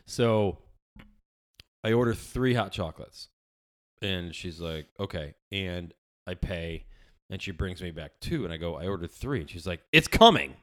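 Lowish-voiced American man telling a story. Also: a little slow. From United States. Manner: profane storytelling, animated quoted voices. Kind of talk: casual chat.

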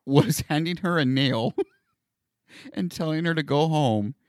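A man's voice: fairly high pitch, slow pace, no echo, clean studio sound. A man co-hosting a podcast, recounting a news story in a laid-back way and playing along with jokes. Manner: laid-back, plays along, laughs often. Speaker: podcast co-host. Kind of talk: storytelling in casual banter.

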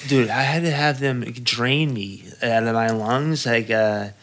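Man, podcast guest, bright forceful tone, laid-back slangy delivery with lots of swearing. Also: mid-range voice, steady tone, a little slow. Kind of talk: casual podcast chat.

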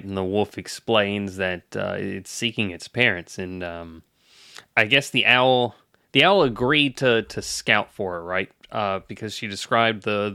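A man's voice: deep voice, bright, forceful tone, smooth, no echo, studio quality. A man co-hosting a podcast who retells a story in a wry, slightly pedantic way. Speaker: podcast co-host. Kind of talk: casual storytelling chat.

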